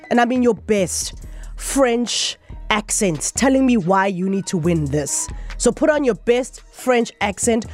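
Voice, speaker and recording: Woman, radio host, bubbly and playful, highish voice, faint music underneath. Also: a little mellow. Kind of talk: upbeat radio chat.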